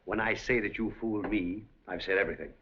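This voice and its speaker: A fairly low, steady voice, quick and fairly bright with some breathiness, belongs to a man portraying a smooth, commanding older casino operator in a 1930s film. He comes across as urbane and scheming, with dry amusement and cool menace, heard through a dull vintage soundtrack.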